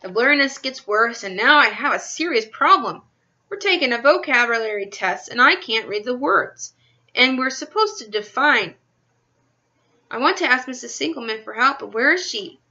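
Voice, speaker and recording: A woman's voice: on the high side, expressive, normal speed, sharp tone, highs cut off. A woman reading a children's book aloud in the first person, expressively, into a webcam microphone. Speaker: reader. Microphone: built-in computer webcam mic.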